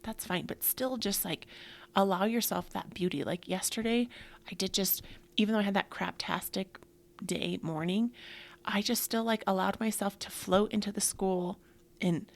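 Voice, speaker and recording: A middle-aged woman hosting a casual motivational talk, breathy and often dropping into soft whispers, with many filler words. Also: medium pitch, moderate pace. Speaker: yoga podcast host.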